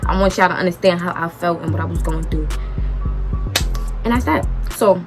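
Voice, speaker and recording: Young woman w/ aave doing a storytime vlog, super animated, music playing behind her. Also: lowish voice, moderate pace. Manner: animated, dramatic retelling with quoted dialogue. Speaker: vlogger.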